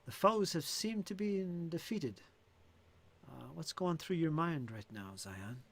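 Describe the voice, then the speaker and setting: Man, game master, lively swinging pitch, rambling with fillers. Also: measured pace, gravelly, a little hiss or hum. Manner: rambling, thinks aloud with fillers. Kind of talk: narrating a tabletop game.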